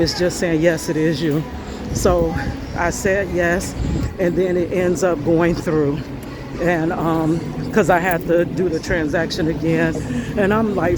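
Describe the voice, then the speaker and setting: A woman recording a casual vlog on her phone while on the move outdoors. She tells her story with animation and acts out each person in it. Clear traffic and street noise sits under her voice. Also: on the low side. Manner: animated, acts out both sides of conversations. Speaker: vlogger.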